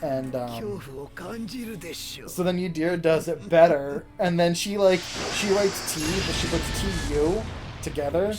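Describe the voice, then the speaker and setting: With game music playing behind them, a deep-voiced woman tells a friend a rambling, giggly story while they play a video game. She's a let's play co-host, unhurried and animated as she retells it in casual chat.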